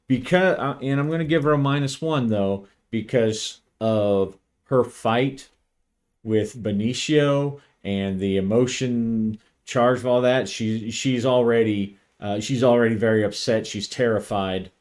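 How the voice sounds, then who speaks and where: Slow and a little mellow, a man with a medium-pitched, steady voice plays and narrates a tabletop RPG by himself. He reasons aloud hesitantly and thoughtfully, frequently backing up to begin again.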